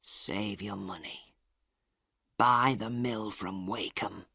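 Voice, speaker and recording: A woman voicing a stern aging father who owns a mill, with a gruff manner. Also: deep voice, lively intonation, slow pace, bright, forceful tone, dry recording, studio quality, full character voice. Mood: weak. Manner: gruff, sinks to a faint whisper.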